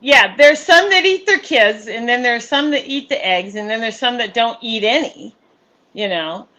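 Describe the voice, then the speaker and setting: Chatty woman cohost, kinda high, bright, reads viewer comments and laughs a lot. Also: expressive, moderate pace, poor audio. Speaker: livestream co-host. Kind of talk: casual chat.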